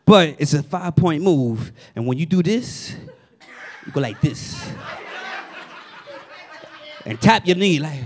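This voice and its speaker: A man with a New York accent doing a stand-up set, telling family stories in a lively way and acting out the people in them with loud punchlines. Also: a little high, slow, pauses often. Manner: animated storytelling, loud punchlines, acts out family members. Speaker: stand-up comedian. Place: comedy stage before a live audience. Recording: audience laughter behind.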